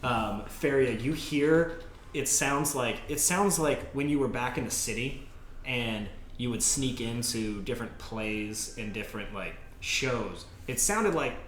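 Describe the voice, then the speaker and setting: Male game master, chatty and loose, bright tone, roomy recording. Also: medium pitch. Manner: rambling, lots of fillers and laughs. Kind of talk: narrating a tabletop game. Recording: echoey room with faint noise.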